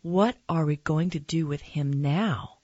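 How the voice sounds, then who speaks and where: A woman's voice: sits low, a little slow, warm tone, husky, no room sound, highs cut off. A woman voicing a flustered mother of a young boy, exasperated. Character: fretting mom of a young boy.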